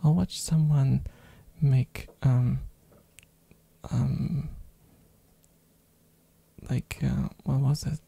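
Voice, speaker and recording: Slow, raspy, hoarse ASMR rambler with a throat infection, chatty and giggly, close on a binaural mic. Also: medium pitch, fairly even intonation, dark tone, dry recording. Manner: rambling, with frequent fillers and giggles. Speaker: ASMR streamer. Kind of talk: soft-spoken ASMR rambling.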